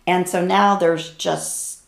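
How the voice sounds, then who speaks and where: A woman's voice: lowish voice, fairly even intonation, takes it slowly, creaky, roomy sound. A woman in casual conversation about books, rambling and hesitant, often trailing off mid-thought.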